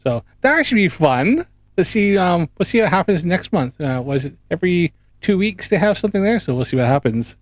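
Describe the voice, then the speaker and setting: A man's voice: high voice, sing-song, fairly quick, dry recording, studio quality. A man hosting a casual reaction commentary, chatty and mocking, often laughing. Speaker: host.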